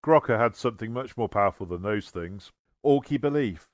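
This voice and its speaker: A man reading a humorous story aloud with wry, deadpan comic timing. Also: on the low side, brisk, dry recording, clean studio sound. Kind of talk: humorous scripted narration.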